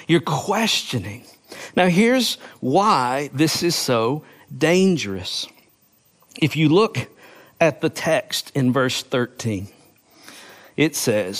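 Slow-speaking male preacher. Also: medium pitch. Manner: slow, emphatic preaching with vivid sound-play. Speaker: pastor. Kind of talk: sermon.

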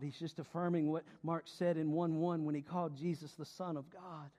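A middle-aged male pastor preaching a sermon, dropping to hushed tones and rising to loud emphasis, asking his listeners questions and joking with them. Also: fairly high pitch, fairly even intonation, moderate pace, hardly any pauses. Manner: asks the congregation questions, jokes with them.

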